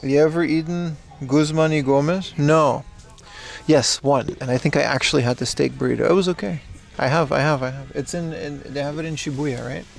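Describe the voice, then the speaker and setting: Gravelly man streaming from a game shop. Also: on the high side, steady tone, a little fast, soft background music. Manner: chatty, browsing and reading chat aloud. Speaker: livestream host. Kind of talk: casual IRL livestream chat.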